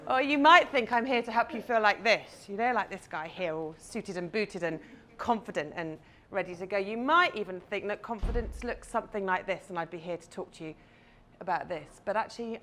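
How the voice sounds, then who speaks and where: A woman's voice: medium pitch, expressive, a little fast, fairly bright tone, a little hiss or hum. A woman, a confidence coach giving a chatty, playful talk to a live audience on stage.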